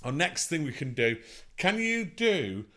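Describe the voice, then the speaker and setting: Upbeat music teacher. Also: male voice, fairly high pitch, sing-song, a little slow, sharp tone. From England. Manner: upbeat, encouraging, counts children in. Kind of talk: online music lesson for children.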